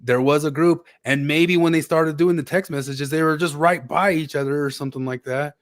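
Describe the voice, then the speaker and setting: A man's voice: on the high side, steady tone, a little fast. Rambling, casual male podcast host. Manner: rambling, hedging with many fillers. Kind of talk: casual conversational chat.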